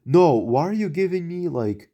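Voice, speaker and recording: A man's voice: a little high, lively intonation, normal speed, mellow, highs cut off, pitched above the performer's own voice. A man voicing his impatient, angry boss on a job site, snapping out scolding questions.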